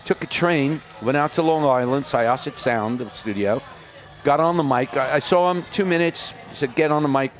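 A man's voice: mid-range voice, normal speed. An older man from the United States, a rock singer giving a candid, profane interview outdoors at a festival. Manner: candid, profane, animated when telling stories. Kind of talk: casual interview storytelling.

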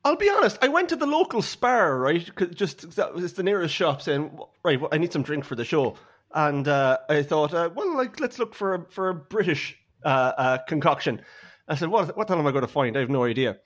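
Irish guy cohosting a podcast, jokey, trips over his words, lively voice. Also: on the high side, fairly quick. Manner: joking, stammering restarts. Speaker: podcast co-host. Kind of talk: casual banter.

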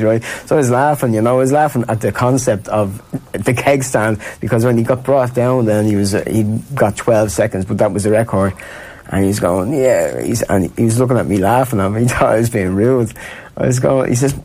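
A man's voice: lowish voice, a little fast, warm tone. A man with an Irish accent, a guest telling stories in a rambling, chatty way with frequent laughter. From Ireland. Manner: rambling, laughs often, many restarts. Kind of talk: casual storytelling chat.

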